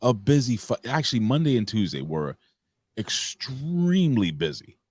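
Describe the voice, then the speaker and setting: A man's voice: medium pitch, big pitch swings, normal speed, a little mellow, breathy edge. A man, co-hosting a casual podcast and telling a rambling, profane story. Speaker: co-host.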